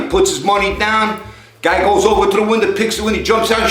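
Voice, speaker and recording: A man's voice: high voice, fast, a bit bright, echoey room, soft background music. A man telling jokes in a rambling, conversational way, raising his voice to act out the characters. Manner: rambling storyteller, acts out characters in raised voice. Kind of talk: joke telling.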